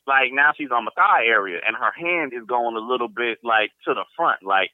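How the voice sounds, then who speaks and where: Man, 50s, podcast host, animated crude storyteller, dry lo-fi sound. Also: medium pitch, normal speed, no room sound. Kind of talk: casual storytelling chat.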